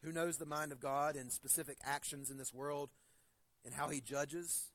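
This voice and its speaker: A male pastor preaching a sermon. He reads scripture slowly and deliberately, then tells stories in a conversational way, often restarting his sentences. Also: fairly high pitch, fairly even intonation, fairly bright tone, no echo. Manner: conversational storytelling with frequent restarts.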